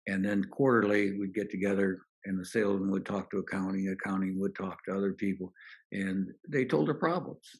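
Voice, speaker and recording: A man's voice: low voice, fairly quick. An older man, a guest on a podcast, telling anecdotes in an interview and acting out the lines of people he quotes. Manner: anecdotal, relaxed, acts out quoted dialogue. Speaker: podcast guest, business author. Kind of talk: storytelling interview answers.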